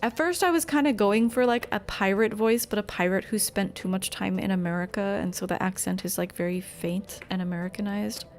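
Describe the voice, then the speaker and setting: A woman's voice: mid-range voice, fairly quick, hardly any pauses, faint music behind. A woman streamer chatting casually and candidly between game scenes. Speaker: streamer doing game voiceover. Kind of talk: casual chat.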